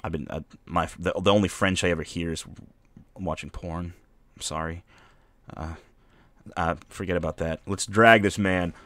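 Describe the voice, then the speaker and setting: Low-voiced man rambling over gameplay. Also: steady tone, normal speed, pauses often, a bit bright, no echo. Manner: rambling, joking asides. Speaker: streamer. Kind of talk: casual gameplay commentary.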